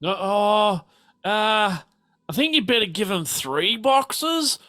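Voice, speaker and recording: A fussy older wife with an Australian accent, wheedling and coaxing, her voice pitched high above a man's usual range and bright. She repeats her husband's name over and over as she sweet-talks him, as a man puts her on. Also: very animated, slow pace, heavily acted.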